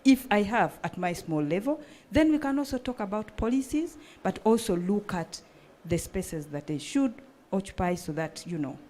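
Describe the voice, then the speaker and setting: A woman's voice: medium pitch, animated, moderate pace, warm tone. A woman panelist speaking earnestly and passionately at a panel discussion.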